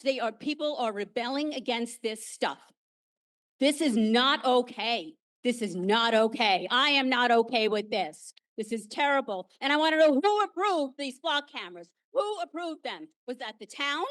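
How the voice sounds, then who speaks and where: A woman giving an agitated, emphatic public comment at a town meeting, repeating her points. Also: fairly high pitch.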